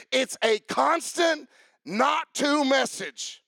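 A male pastor preaching a sermon in a church, emphatic and repetitive, breaking into shouted proclamations. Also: extremely high pitch, measured pace, vocal fry, no room sound.

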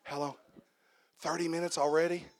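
High-voiced man preaching a lively sermon. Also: moderate pace, creaky, no room sound. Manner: swings from quiet joking asides to shouted preaching; talks back and forth with the congregation. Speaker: pastor. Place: church service.

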